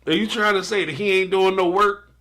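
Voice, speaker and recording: A man's voice: high voice, steady tone, a little fast, pushed and bright. A man hosting a casual live stream, reacting to a TV episode and reading out viewer super chats with jokes, playful asides and frequent laughter.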